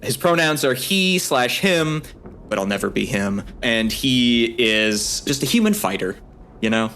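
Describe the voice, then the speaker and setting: A man's voice: mid-range voice, sing-song, a little slow, pushed and bright, slight background noise. A man playfully introducing his tabletop game character in casual chat. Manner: playful, joking. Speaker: player.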